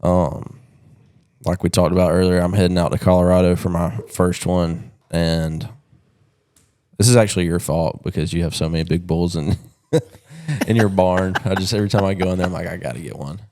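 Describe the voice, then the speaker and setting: A man's voice: deep voice, steady tone, normal speed, a little mellow. A man hosting a podcast, asking a guest questions in a laid-back, hesitant way with ums. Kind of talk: casual interview questions.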